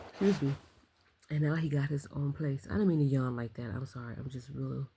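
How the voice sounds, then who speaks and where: A woman talking in a casual late-night vlog, keeping her voice low and soft, reflective and full of ums and likes. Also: steady tone, brisk, slightly rough. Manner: speaking softly and low to keep quiet. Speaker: vlogger.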